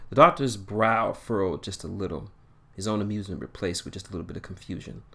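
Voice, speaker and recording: Male story reader, low voice, plain narration with frequent self-corrections. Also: quick pace, a bit bright, husky. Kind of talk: reading a fan story aloud.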